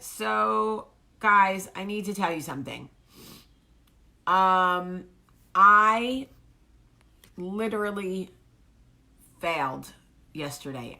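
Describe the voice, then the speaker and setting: A woman's voice: on the low side, bright, forceful tone. A woman in her thirties, hosting her own show, telling a candid, chatty story about her day. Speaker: vlog host. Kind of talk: casual storytelling monologue.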